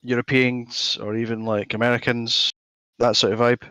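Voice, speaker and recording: A man's voice: mid-range voice, flat delivery, normal speed, sharp tone, dry recording. A man in casual chat, hesitant and easygoing, with many fillers. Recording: dull lo-fi voice chat audio.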